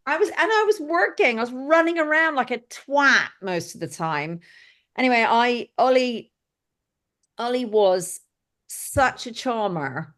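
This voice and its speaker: A woman's voice: fairly high pitch, unhurried. Blunt, anecdotal middle-aged woman. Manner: lively anecdotal, blunt and exclamatory. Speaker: guest, film set decorator. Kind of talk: casual interview storytelling.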